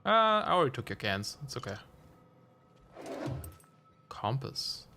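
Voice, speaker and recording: A relaxed man giving casual gameplay commentary on a stream. His voice sits at an ordinary middle pitch as he muses aloud and chuckles now and then. Faint music plays underneath. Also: a little slow. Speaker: let's play streamer.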